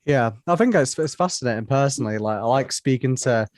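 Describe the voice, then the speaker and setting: A man's voice: mid-range voice, lively intonation, brisk, no echo, clean studio sound. A man co-hosting a podcast, talking in a rambling, chatty way full of "you know". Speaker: podcast co-host. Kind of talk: casual podcast chat.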